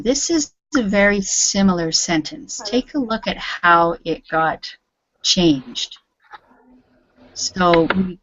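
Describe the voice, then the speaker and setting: A woman's voice: medium pitch, fairly bright tone, dull audio, a little hiss or hum. A woman teaching an English grammar class online, correcting students patiently and encouragingly.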